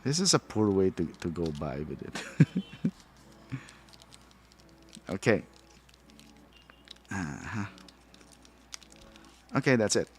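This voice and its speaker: Slow, gravelly-voiced man thinking aloud. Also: deep voice, very animated, a little hiss or hum. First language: not English. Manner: rambling, thinks aloud, chuckles at himself. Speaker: toy reviewer. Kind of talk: casual unboxing commentary.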